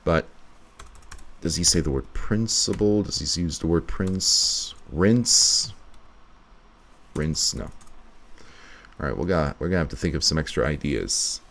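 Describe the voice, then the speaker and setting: A man's voice: extremely low pitch, animated, a little slow, creaky, pauses often, fairly bright tone. A man editing a video live, chatting casually and thinking aloud as he works. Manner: thinking aloud, muttering to himself. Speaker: video editor streaming live.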